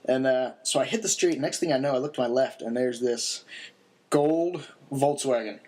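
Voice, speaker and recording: Young man, casual podcast storyteller, relaxed, rambling, lots of ums, mid-pitched voice. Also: normal speed. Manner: laid-back, rambling with many fillers and chuckles.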